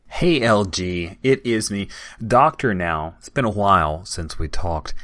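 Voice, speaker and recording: A man playing a calm young doctor who talks in a measured, gently persuasive way. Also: low-pitched, no room sound. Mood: earnest. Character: calm, earnest young male college doctor.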